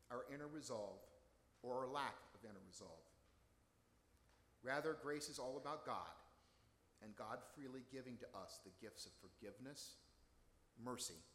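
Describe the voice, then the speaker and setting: A man's voice: medium pitch, a bit bright, slight background noise. Man preaching in an echoey hall. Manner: measured storytelling, earnest. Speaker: pastor. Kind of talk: sermon. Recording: echoey hall with long reverb.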